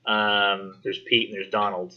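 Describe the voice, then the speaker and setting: A man teaching a college English class, talking casually and acting out characters in quick voices. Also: fairly low pitch, level tone, muffled recording. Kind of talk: classroom discussion lecture.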